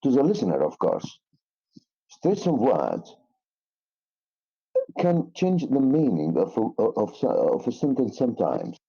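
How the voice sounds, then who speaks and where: A man with an Egyptian accent teaching an English lesson, speaking haltingly with many fillers and restarts. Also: mid-range voice, huge pitch swings, gravelly, dark tone, slightly rough. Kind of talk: explaining a lesson. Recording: dull lo-fi recording.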